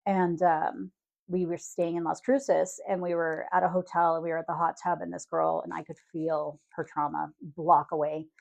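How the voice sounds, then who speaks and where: Low gravelly woman telling stories. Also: flat delivery, moderate pace, darkish tone. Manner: storytelling, swears freely, acts out quotes. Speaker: podcast co-host. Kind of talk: casual chat.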